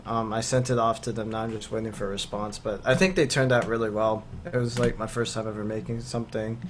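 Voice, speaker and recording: A man's voice: lowish voice, steady tone, quick pace, slight background noise. A young man co-hosting a podcast in casual chat, talking loosely with lots of fillers. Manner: loose and rambling, many fillers. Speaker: podcast co-host.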